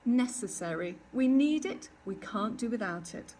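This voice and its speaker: A woman's voice: fairly high pitch, lively intonation, measured pace, mellow, a little hiss or hum. A woman voicing a proud, bossy little girl with a matter-of-fact, know-it-all manner in a storybook reading. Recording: distant mic with faint ambience.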